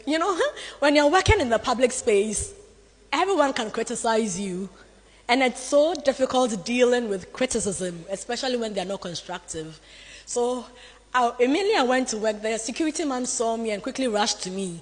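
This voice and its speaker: A woman's voice: a little high, normal speed. Ghanaian woman telling a dramatic story. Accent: Ghanaian English. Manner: animated, dramatic storytelling with acted quotes. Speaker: newscaster. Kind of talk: motivational storytelling talk. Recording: long hall reverb.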